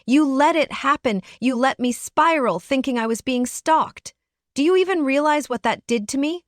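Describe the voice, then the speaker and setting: A woman's voice: sits high, normal speed, no room sound, clean studio sound, natural voice. A woman voicing a hurt young man confronting his partner, icy, controlled and bitter. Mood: angry.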